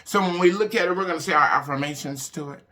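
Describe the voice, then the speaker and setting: A woman, hosting a casual motivational talk for her viewers, animated and emphatic, swinging between loud bursts and hushed asides. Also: low voice, quick pace. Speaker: online show host.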